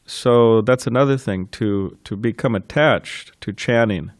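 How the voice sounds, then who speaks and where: A man with a low voice gives a scripture class in a temple. He talks informally and tells stories, with soft laughs between thoughts. The sound is dry and close. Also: unhurried, no room sound. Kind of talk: reminiscing temple class talk.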